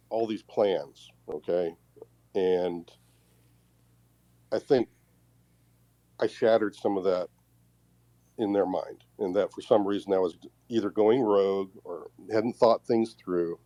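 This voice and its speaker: Low, mellow-voiced man, rambling. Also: dry recording. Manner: rambling, self-deprecating. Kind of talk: casual spoken remarks.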